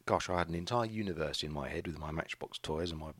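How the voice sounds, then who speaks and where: A man's voice: a bass voice, quick pace, fairly bright tone, no echo. A middle-aged man hosting a casual solo podcast, rambling and hesitant with frequent restarts. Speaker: podcast host, craft shop owner.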